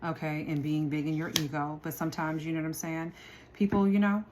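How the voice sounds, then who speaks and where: A woman's voice: low voice, level tone, brisk, noisy background. A woman giving a casual tarot reading, chatty and laughing often as she talks to her viewers. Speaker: tarot reader.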